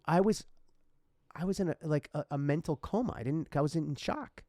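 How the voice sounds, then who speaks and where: A man's voice: a little high, brisk, dark tone, no echo, studio quality. A man hosting a casual podcast, telling a personal story in a heartfelt, emotional way. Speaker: podcast host.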